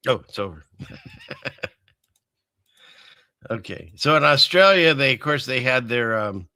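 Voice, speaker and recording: A man's voice: medium pitch, lively intonation, slow, sharp tone, no room sound. A man hosting a casual commentary show, rambling with sarcastic asides and frequent chuckles. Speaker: host.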